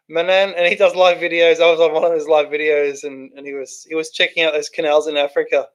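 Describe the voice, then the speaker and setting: A man's voice: fairly high pitch, level tone, brisk. A man hosting a livestream, reading out chat comments and answering them in a rambling, casual way. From Australia. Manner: chatty, rambling, thinks aloud with restarts.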